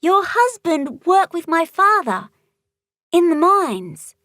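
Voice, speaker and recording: A woman reading as a small, earnest witch girl, voice pitched up high, dry close sound. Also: sing-song, slow pace, a bit bright, no room sound, heavily acted. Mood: gentle. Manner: high, urgent pleading.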